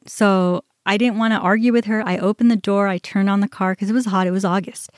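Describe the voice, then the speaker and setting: A middle-aged woman hosting a podcast, telling a personal story in an animated way, often quoting herself and others. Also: mid-range voice, quick pace, hardly any pauses, no room sound, clean studio sound. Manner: animated, quotes herself and others, restarts when upset. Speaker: podcast host.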